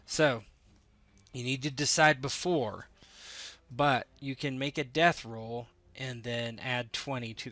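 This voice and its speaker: Male game master, slow and deliberate, gravelly and bright-toned, talks rules through with lots of "um"s. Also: mid-range voice. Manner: explains rules, thinks aloud with many fillers. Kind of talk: running a tabletop game online.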